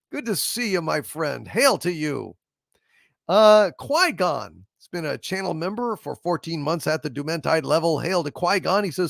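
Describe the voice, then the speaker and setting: A man hosting a livestream talks slowly and unhurriedly, with a gravelly edge to his voice. He rambles as he reads out viewer messages, full of fillers and false starts. The sound is dry and close. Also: high-pitched, no echo. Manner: rambling with many fillers and restarts; slow, soft poetry reading. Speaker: livestream host. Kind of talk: casual livestream chat reading super chats.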